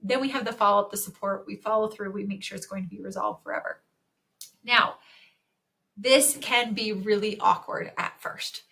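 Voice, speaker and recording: A woman hosting a podcast, coaching in a chatty, energetic way and acting out sample conversations. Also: medium pitch, moderate pace, vocal fry. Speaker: podcast host and dental practice coach. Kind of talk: solo podcast teaching talk.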